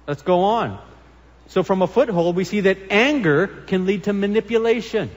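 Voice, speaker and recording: A man's voice: high voice, normal speed. A man preaching a sermon as pastor, earnest and emphatic as he reads and explains scripture. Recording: long hall reverb.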